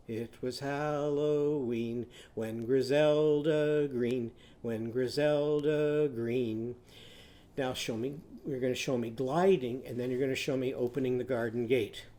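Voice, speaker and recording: A man teaching a children's lesson, talking gently and encouragingly straight to young students. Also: mid-range voice.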